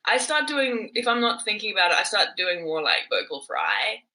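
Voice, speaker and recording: A woman's voice: mid-range voice, wildly swooping pitch, moderate pace, bright, forceful tone, rough recording. An Australian woman, an actor guest on a video-call panel, chatting and laughing easily. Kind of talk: casual panel chat.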